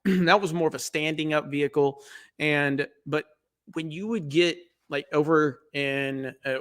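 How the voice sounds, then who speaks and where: A man's voice: fairly high pitch, fairly bright tone. Profane man telling rambling stories. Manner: profane, rambling storyteller with laughs. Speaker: podcast co-host. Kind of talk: casual chat.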